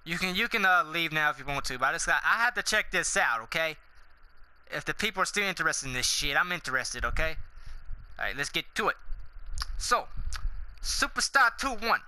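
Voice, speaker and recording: A slightly high, very sharp and forceful male voice. He is a gaming channel host in a long, rambling rant to his viewers. His talk is brash and full of swearing, swinging between goofy self-mockery and cocky trash talk. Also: expressive, a little fast, poor audio. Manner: loud, profane, swaggering trash talk; goofy and self-mocking, veering into hype.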